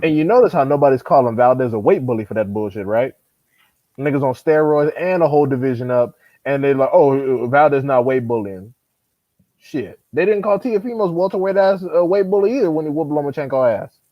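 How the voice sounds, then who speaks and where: A man's voice: on the high side, expressive, quick pace, no echo, dull audio. A man co-hosting a casual boxing chat, talking in an exasperated, profane and emphatic way. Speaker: podcast co-host.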